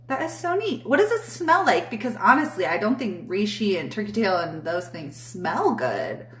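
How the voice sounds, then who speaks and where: A woman's voice: mid-range voice, sing-song, normal speed, a bit bright, far from the mic, slight background noise. Chatty, blunt woman in an echoey room. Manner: chatty and blunt, swears freely, laughs often. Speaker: spiritual reader and live-stream host. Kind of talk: casual live-stream spiritual reading, answering chat.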